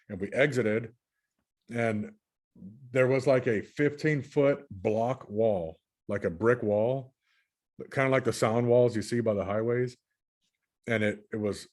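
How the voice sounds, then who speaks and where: A man from California recounting his dreams in a casual, rambling way, often repeating and restarting his words as he shares his screen. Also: mid-range voice. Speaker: channel host recounting dreams. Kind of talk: casual spoken recounting while screen sharing.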